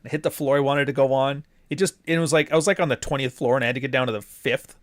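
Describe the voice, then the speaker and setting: A man's voice: medium pitch, steady tone, fast talker, dry recording, clean studio sound. A man from the Pacific Northwest hosting a livestream, reading super chats and rambling off on tangents, with plenty of swearing. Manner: rambling, goes off on tangents, profane. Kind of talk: casual livestream talk.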